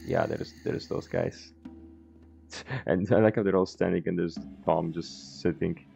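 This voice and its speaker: A man's voice: low voice, steady tone, slow, vocal fry, warm tone, highs cut off, faint music behind. A man streaming a game and chatting casually, rambling, correcting himself and swearing offhand. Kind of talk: casual gameplay commentary.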